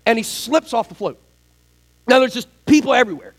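A man preaching a sermon, telling a story in an animated, joking way and acting out the scenes. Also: very high-pitched, a little fast, low-quality recording. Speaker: pastor.

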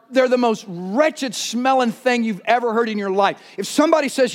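Male pastor, middle-aged, very high voice, animated sermon delivery with shouted bits. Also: a little fast, few pauses. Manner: animated storytelling, shouts during anecdotes.

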